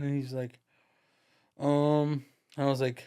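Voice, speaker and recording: A podcast guest with a mid-range voice talks a little quickly as he tells a story. His speech is casual, slangy, and profane, and he lively acts out the voices of the people in it.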